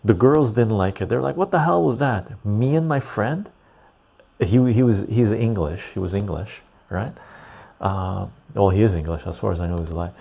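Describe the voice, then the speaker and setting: A man's voice: on the low side, normal speed, vocal fry, warm tone, husky. A man hosting a casual livestream, reading chat aloud and rambling loosely. He sounds tired and laughs easily.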